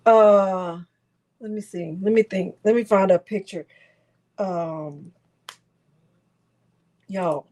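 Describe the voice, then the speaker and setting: A woman with a mellow, mid-range voice hosts a live craft tutorial. She talks in a chatty, rambling way, full of fillers and restarts.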